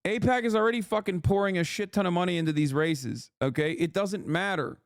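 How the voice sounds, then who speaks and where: A man's voice: high voice, brisk, dry recording, studio quality. A political streamer, a man, delivering heated, profane live-stream commentary.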